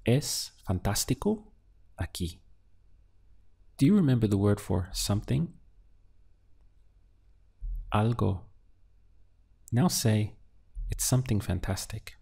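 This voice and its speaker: A man's voice: fairly low pitch, sing-song, slow, creaky, long pauses, dark tone, husky. A man teaching a beginner language lesson, patiently prompting the learner and then giving each answer. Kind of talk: slow instructional lesson.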